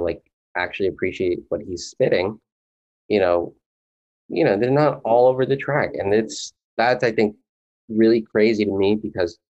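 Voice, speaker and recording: Low-voiced man chatting casually. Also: muffled recording. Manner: rambling, earnest, many fillers. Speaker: podcast co-host. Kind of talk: casual chat.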